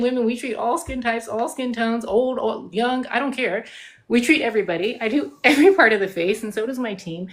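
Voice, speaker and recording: A woman cosmetic nurse practitioner in casual live-stream chat, emphatic and informal, saying "like" a lot. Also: mid-range voice. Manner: chatty, emphatic, says "like" and "dude" often. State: getting out of breath.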